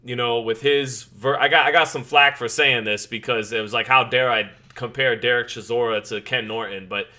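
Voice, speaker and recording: A man in his thirties hosts a live boxing watch party in a casual, chatty way. His voice is bright and forward, at an ordinary male pitch. He greets chat members and often restarts his sentences. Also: steady tone, normal speed, few pauses. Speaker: live stream boxing host. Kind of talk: casual live-stream commentary.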